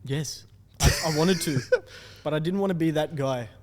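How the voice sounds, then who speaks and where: A young Australian man, a content creator, telling stories in a loose, animated way and laughing often. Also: fairly high pitch, moderate pace, in a large hall, slight background noise. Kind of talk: casual storytelling chat.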